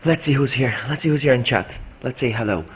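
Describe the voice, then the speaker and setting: A man's voice: mid-range voice, a little fast. A man, streaming a game and talking himself through it while greeting chat. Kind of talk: live gameplay commentary. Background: game music.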